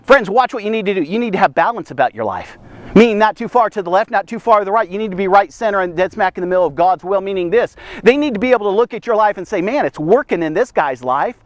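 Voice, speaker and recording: A man with a fairly high voice preaching a lively devotional message. He speaks emphatically, circles back to the same catchphrases and checks in with his listeners again and again. The sound is dry, with no room echo. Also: fast talker. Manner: emphatic and repetitive, frequent "okay?" and "here's the thing".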